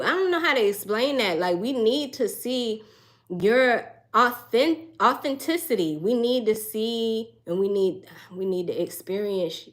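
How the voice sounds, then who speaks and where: A woman's voice: fairly high pitch, lively intonation, unhurried. A young woman reads tarot cards for her viewers in a musing, searching way. She sighs often and restarts her sentences as she looks for the right words. Her tone stays earnest and emotional. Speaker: tarot reader. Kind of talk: intuitive tarot reading.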